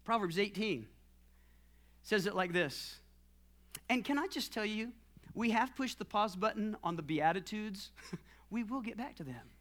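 A man preaching a sermon as pastor, building to shouted passages and then dropping to quiet, close teaching. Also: high-pitched, expressive, a little slow, long pauses.

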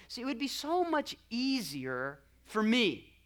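A male pastor preaching a sermon with passion, building to loud climaxes and tossing in jokey asides to the congregation. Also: very high-pitched, very animated, normal speed.

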